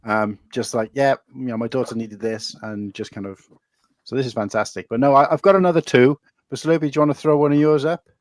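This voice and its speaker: A man's voice: mid-range voice, steady tone, a little fast, dry recording. A man co-hosting a casual chat, talking in an enthusiastic, chatty way. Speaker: co-host.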